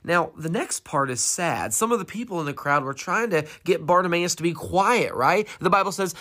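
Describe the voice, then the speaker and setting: Preacher, sermon, lively pitch, rhetorical questions, dramatic storytelling. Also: moderate pace, hardly any pauses.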